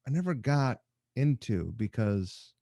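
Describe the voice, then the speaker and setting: A man hosting a podcast, asking curious questions and wandering into relaxed, rambling asides. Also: mid-range voice, a little slow, dry recording, studio quality. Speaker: podcast host. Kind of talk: casual interview.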